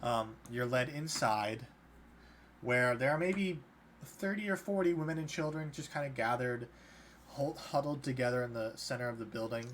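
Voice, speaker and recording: A man's voice: mid-range voice, normal speed, fairly bright tone. A man narrating a tabletop game as game master, loosely, with many fillers. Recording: faint background noise.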